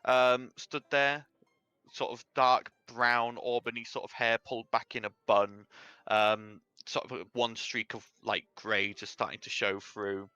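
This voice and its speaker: Bright-voiced man narrating as game master. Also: mid-range voice, little pitch movement, measured pace, smooth, dry recording, dull audio. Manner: rambling, hedging with "sort of" and "um".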